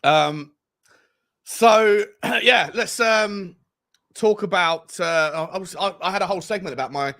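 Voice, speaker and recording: A young man co-hosting a football fan livestream, relaxed and upbeat, often restarting his sentences. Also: high-pitched, a little slow. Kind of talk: casual chat.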